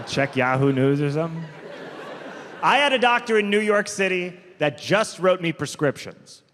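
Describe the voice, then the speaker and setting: A man performing a stand-up comedy set on stage, telling stories deliberately and drawn out, with quick asides. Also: a little high, expressive. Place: large theater stage. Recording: live comedy hall with long reverb, faint crowd noise.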